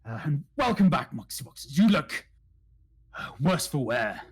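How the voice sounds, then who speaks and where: A man voicing a gruff hobgoblin captain, speaking low and solemnly in a tabletop game. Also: big pitch swings, a little slow, exaggerated voice. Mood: grave welcoming.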